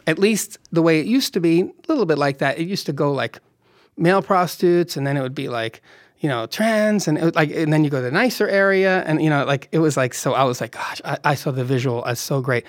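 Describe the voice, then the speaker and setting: A man, a film director, telling an animated anecdote in conversation and acting out quotes. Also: a little high, a little fast, no room sound, clean studio sound. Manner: animated storyteller, acts out quotes, laughs often.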